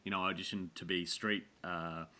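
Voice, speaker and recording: A middle-aged man, a guest telling lively anecdotes in an interview. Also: sits low. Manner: animated anecdote-telling with quick restarts. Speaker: guest, performer and presenter. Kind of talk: casual storytelling in an interview.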